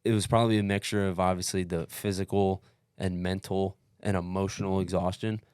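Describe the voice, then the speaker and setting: A man's voice: deep voice, brisk, clear, resonant tone, no room sound, clean studio sound. A man on a casual podcast telling a story, swearing freely, calling people dude and bro, and acting out what others said. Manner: profane, animated retelling with acted-out quotes; peppers speech with dude and bro. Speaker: podcast co-host recounting his race.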